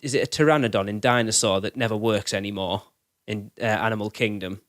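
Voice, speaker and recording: Talking fast in a lowish, fairly bright voice with fairly even intonation, this man co-hosts a podcast, chatting casually and rambling with self-corrections along the way. The sound is studio quality, without echo.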